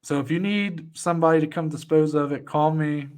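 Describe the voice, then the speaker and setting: A man's voice: fairly high pitch, fairly quick. Joking male podcast co-host. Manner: joking, playful banter. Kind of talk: casual chat.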